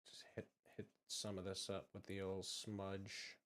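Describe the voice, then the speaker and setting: A man's voice: low-pitched, monotone, measured pace, a bit bright. A man from just south of Boston with a Boston accent, chatting in a rambling, profane, laid-back way while he draws. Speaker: channel host. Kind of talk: casual chat while drawing.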